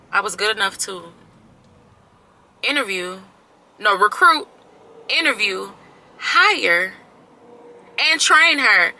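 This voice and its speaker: A woman's voice: mid-range voice, pushed and bright, a little hiss or hum, rough recording. A woman in her thirties casually venting to her camera, exasperated and emphatic, repeating herself and swearing freely. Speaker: vlogger.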